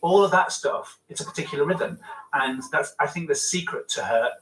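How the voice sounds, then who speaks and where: A man's voice: fairly high pitch, animated, normal speed, very noisy. A man giving enthusiastic documentary commentary, recorded distant and roomy.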